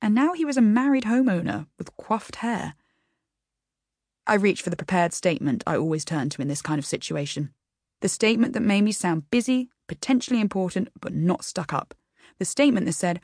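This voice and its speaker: A woman's voice: medium pitch, expressive, brisk, a little mellow, no echo, studio quality. A woman narrating a first-person audiobook in a wry, self-deprecating storytelling manner.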